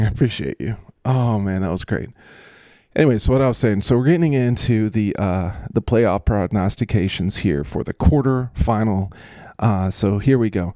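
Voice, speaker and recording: A man's voice: on the low side, a little mellow, no room sound. A man hosting a casual comedy podcast, rambling and poking fun at his own bits. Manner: rambling and self-mocking. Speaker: podcast host.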